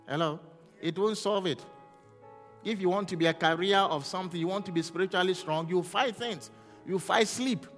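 A man preaching a fervent sermon as pastor, rising to shouts and asking the congregation questions. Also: sits high, big-room sound.

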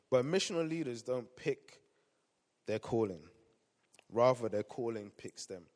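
Man, pastor, sermon, loud emphasis and quiet asides, mid-pitched voice, long hall echo. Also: moderate pace. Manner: dynamic preaching, swinging between loud emphasis and quiet asides.

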